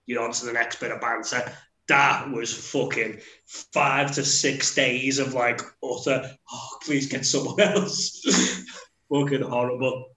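A man's voice: medium pitch, a little slow, roomy sound, slight background noise, poor audio. A young man speaking wryly in casual chat, swearing casually. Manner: flat, wry, swears casually.

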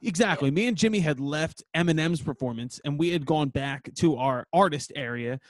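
A man hosting a podcast in casual chat, telling stories in an animated way and swearing freely. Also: fairly high pitch, no echo. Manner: animated, profane, quick storytelling. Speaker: podcast host and band member.

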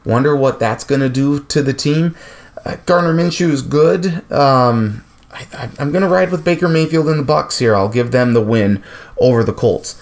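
Man rattling off football picks. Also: mid-range voice. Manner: rapid-fire picks with frequent fillers and restarts. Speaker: podcast host. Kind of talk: sports podcast game picks.

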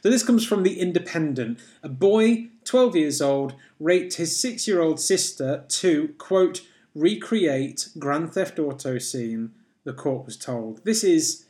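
A man's voice: a little high, expressive, mellow. Giggly man hosting a podcast. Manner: giggly, rambling, quick asides. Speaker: podcast host. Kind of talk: casual podcast chat.

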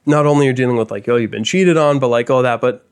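A man's voice: mid-range voice, fast talker, clear, resonant tone. A young man on a podcast telling a rambling, self-deprecating story in casual chat. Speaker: podcast co-host.

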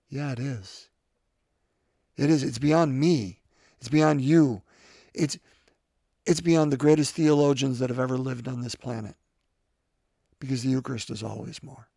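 A man's voice: mid-range voice, normal speed, gravelly, long pauses, darkish tone, dry recording, studio quality. A man preaching a homily, talking conversationally and repeating his points for emphasis. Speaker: priest.

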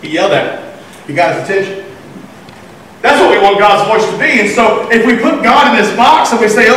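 Pastor, male, high voice, lively storyteller, picked up at a distance in a reverberant sanctuary. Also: normal speed, slight background noise. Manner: animated storytelling, acting out voices. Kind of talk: sermon. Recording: echoey room from far off.

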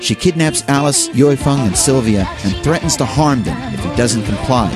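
A man co-hosting a show, reading anime episode summaries and joking with his co-host in a playful, animated way. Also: medium pitch, over music. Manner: animated, playful, quick to laugh. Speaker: podcast co-host. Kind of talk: anime news roundup and casual banter.

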